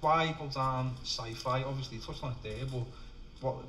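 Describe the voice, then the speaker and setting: A man's voice: medium pitch, moderate pace, a bit bright, slight background noise. A man hosting a chat show in an upbeat, chatty way. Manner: upbeat, chatty, says mate. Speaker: talk show host. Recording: distant mic with faint music.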